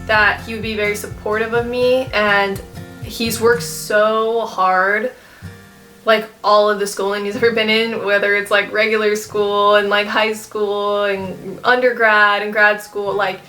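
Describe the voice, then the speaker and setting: A woman's voice: medium pitch, level tone, a little slow, sharp tone, soft background music. A young woman in her twenties talking casually to her viewers, rambling with lots of fillers and restarts, and close to tears at times. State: tearful, emotional. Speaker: vlogger. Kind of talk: casual chat to camera.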